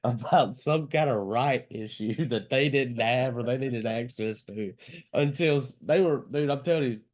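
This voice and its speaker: A man's voice: mid-range voice, normal speed, a little mellow. A man co-hosting a casual porch chat, telling funny stories and laughing through them. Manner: joking storyteller, laughs through his stories. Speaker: podcast co-host.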